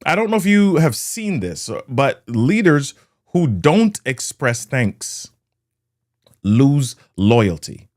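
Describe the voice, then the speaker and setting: A man's voice: mid-range voice, big pitch swings, slow, a little mellow. A man hosting a motivational leadership talk who tells stories and acts out the scenes with sound words. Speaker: host of a leadership talk show.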